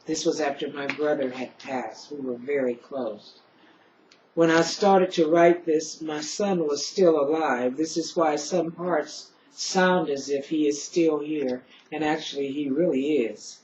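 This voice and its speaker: A woman's voice: low-pitched, unhurried, darkish tone, a little hiss or hum. An older woman reading her own spoken-word piece in a solemn, grieving manner, returning again and again to the same refrains. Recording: echoey lo-fi room recording.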